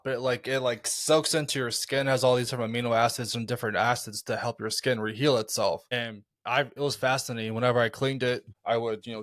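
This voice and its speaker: A man's voice: medium pitch, fairly bright tone. Man telling a story with stammering restarts. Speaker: podcast co-host. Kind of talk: casual storytelling.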